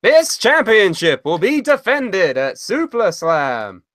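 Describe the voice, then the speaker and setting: A woman's voice: medium pitch, very animated, takes it slowly, no echo, clean studio sound. A woman co-hosting a casual podcast chat, sarcastic and blunt, swearing often. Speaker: podcast co-host.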